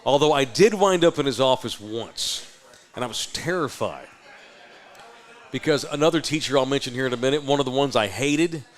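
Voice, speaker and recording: A man from Texas, hosting a live podcast and telling a loud, profane, animated story. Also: mid-range voice, normal speed. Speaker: podcast host.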